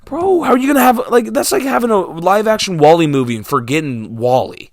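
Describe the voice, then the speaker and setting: A young man with a high, sing-song voice talks briskly to his viewers, ranting about movies and theaters as a vlogger. He's sarcastic and exasperated, shifting from mumbles to outbursts, and the recording is dry with clean studio sound.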